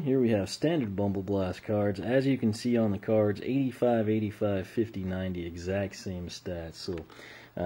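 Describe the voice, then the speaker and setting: A man with an American accent, reviewing a toy in casual unboxing commentary, relaxed and rambling, and losing his voice. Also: fairly low pitch, husky. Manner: relaxed and rambling, with frequent uh fillers.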